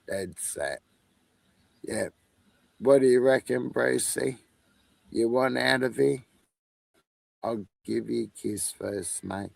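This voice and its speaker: A man's voice: mid-range voice, slow pace, creaky, long pauses, dry recording. A man with an Australian accent, chatting on a live stream in a laid-back, rambling way, swearing and chuckling often. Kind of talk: casual rambling chat.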